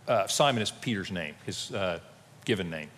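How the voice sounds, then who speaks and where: A man's voice: deep voice, lively intonation, moderate pace, a bit bright, a little hiss or hum. A male pastor delivers a sermon, bringing each story to life by acting out the voices he quotes. His voice rises and falls a lot. It carries with a long reverb, as if filling a large church sanctuary.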